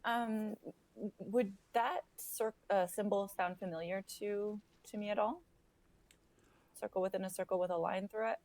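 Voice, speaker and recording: A woman's voice: medium pitch, fairly even intonation, normal speed, darkish tone, dry recording, low-quality recording. A woman playing a tabletop game, speaking hesitantly with many fillers. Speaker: player. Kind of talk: casual tabletop play.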